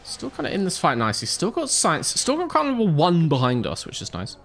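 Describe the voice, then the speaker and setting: A man's voice: on the high side, huge pitch swings, a little fast, gravelly, fairly bright tone. A man casually chatting on a live stream while playing a racing management game, joking with chat and laughing often into a desk microphone with a pop filter. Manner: jokey, laughs often, reads chat aloud.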